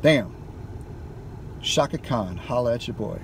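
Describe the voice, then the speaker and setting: A man's voice: fairly high pitch, moderate pace, a little hiss or hum. A man vlogging from inside a car, delivering an emphatic, heated rant and swearing freely. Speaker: gaming YouTuber. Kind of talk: impassioned car vlog rant.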